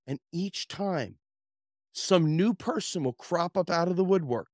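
A man hosting a podcast, ranting about politics in a profane, sarcastic, impassioned way, swinging from loud outbursts to low mutters. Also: expressive, measured pace, no echo, clean studio sound. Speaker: podcast host. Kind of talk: political commentary rant.

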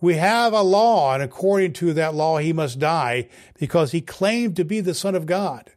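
A man reading the lines of an angry crowd of religious leaders in a scripture reading, in a loud, insistent voice. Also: a little high, animated, moderate pace, pitched above the performer's own voice, natural voice.

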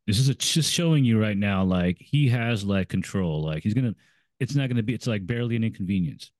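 A man chatting casually on a podcast about a TV episode, explaining and speculating, quick to agree. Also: fairly low pitch, animated, a little mellow, no room sound, clean studio sound. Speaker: podcast co-host.

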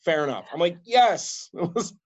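A man, a radio DJ and podcast host, telling stories in casual chat, swearing freely and acting out quotes in a louder voice. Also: medium pitch, normal speed. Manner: animated, swearing, acts out quotes loudly.

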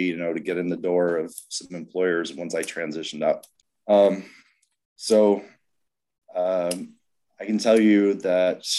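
A man with a low, deep voice recounts his service days in a loose, conversational way. He rambles with plenty of fillers and slips into animated voices when quoting people. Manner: acts out quoted dialogue in animated voices. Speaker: Navy veteran guest. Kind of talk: casual storytelling.

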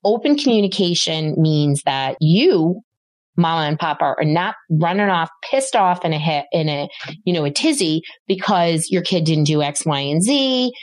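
A middle-aged woman talks through parenting advice in an animated, storytelling way, slipping into quoted voices as she goes. Her voice sits a little low for a woman. The sound is dry and close, with no room around it. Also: moderate pace, no echo. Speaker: podcast host, parenting expert. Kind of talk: conversational advice talk.

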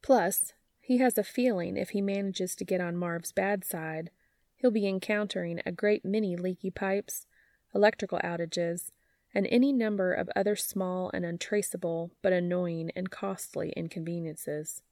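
A woman narrates a story in a low, gravelly voice that sits close and dry on the mic. She reads at an even, measured pace as a podcast host sharing fan fiction. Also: no echo.

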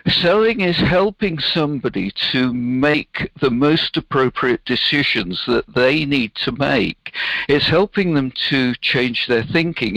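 Gravelly man explaining earnestly. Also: a little high, a bit bright, no room sound, low-quality recording. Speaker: guest, business founder. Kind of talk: interview answers.

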